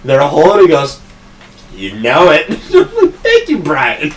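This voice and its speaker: A man's voice: fairly high pitch, huge pitch swings, normal speed, recorded from a distance, rough recording. A young man hosting a podcast who tells long, rambling work stories full of swearing and laughs at his own punchlines. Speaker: podcast host. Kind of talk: casual storytelling chat.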